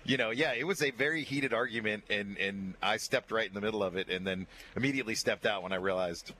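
A man, a regular on a radio show, telling a story in an animated way and acting out the quotes. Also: fairly low pitch, fast, slight background noise.

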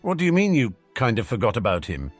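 Protective grown man, sharp and demanding, man voicing. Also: high-pitched, animated, fairly quick, dry recording, faint music behind, pitched above the performer's own voice. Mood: angry.

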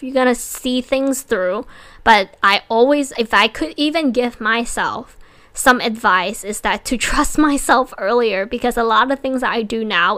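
Woman, fairly high voice, motivational podcast talk, earnest, encouraging. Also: a bit bright. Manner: earnest, encouraging, speaks in quick restarts. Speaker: podcast host.

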